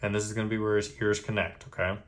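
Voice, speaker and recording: A man with a fairly low voice walks the viewer through a drawing tutorial one line at a time. He stays patient and relaxed, often pausing to ask "okay?" before moving on. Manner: patient, checks in with "okay?" after each step. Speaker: drawing instructor.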